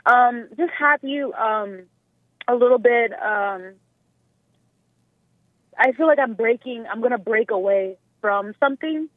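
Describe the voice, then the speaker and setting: A woman's voice: on the high side, slow pace, pauses often, no echo. A young adult woman calling a radio show, emotional and close to tears, rambling with many fillers. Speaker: caller. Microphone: telephone. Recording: tinny phone line.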